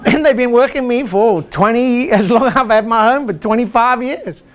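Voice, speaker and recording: A man's voice: very high voice, normal speed. An older man, a chiropractor, giving an exclamatory motivational seminar talk and leading the audience in call-and-response chants. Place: lecture room with a live audience.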